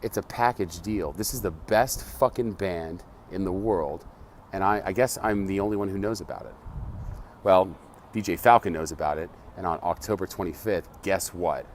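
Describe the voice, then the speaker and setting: A man with a very low voice talks straight to camera, earnest and full of curses as he tells his stories. He manages a band and records this casual vlog outdoors on a city street at night, with faint street noise behind him. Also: normal speed. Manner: earnest, profane storytelling.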